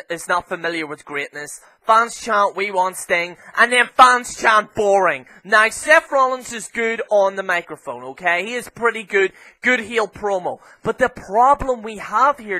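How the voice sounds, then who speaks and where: Irish guy cursing and going off about wrestling, bright edgy voice, yells sometimes. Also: sits high, rough recording. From Ireland. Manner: heavy swearing, heated ranting; flares into shouting. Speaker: wrestling show reviewer. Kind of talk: ranting show review.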